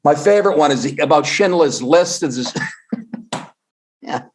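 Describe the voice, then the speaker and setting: Middle-aged comic guy on a podcast, kinda high voice, loud animated storytelling. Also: measured pace. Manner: animated storyteller, swears, acts out quotes. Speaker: guest comedian. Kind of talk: casual podcast chat.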